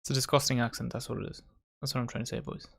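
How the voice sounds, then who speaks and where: A man's voice: medium pitch, flat delivery, racing, creaky, a bit bright. Chatty man hosting a match watchalong. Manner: chatty, banters with friends and viewers. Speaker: watchalong host. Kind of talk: casual live match commentary.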